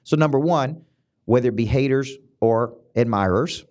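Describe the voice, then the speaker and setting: This business coach, a middle-aged man with a Southern American accent, runs a motivational podcast where he repeats points with emphasis and his pitch leaps up without warning. He keeps a moderate pace and his tone leans somewhat dark.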